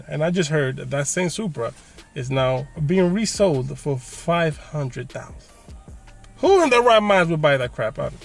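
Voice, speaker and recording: A man's voice: a little high, creaky. A man hosting his car channel, giving opinions in a joking, casual way with frequent laughs.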